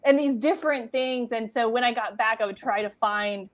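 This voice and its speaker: A woman's voice: a little high, normal speed. An American woman hosting a bookstore livestream, telling stories in a chatty way over a video call. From United States. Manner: chatty storyteller, friendly laughs. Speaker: bookstore event host. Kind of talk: casual chat.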